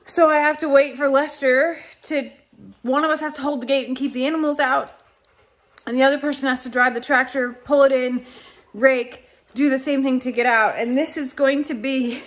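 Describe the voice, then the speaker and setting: A young woman talks to her viewers in a high, bright register, gushing freely with feeling. Her casual farm-vlog chat is broken up by frequent laughs and soft sighs. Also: fairly even intonation, normal speed. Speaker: farm vlogger.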